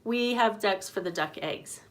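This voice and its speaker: A woman's voice: medium pitch, measured pace. A woman hosting a homesteading live stream, chatting loosely, greeting viewers from the comments and laughing easily. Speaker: homesteading channel host. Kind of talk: casual live-stream chat.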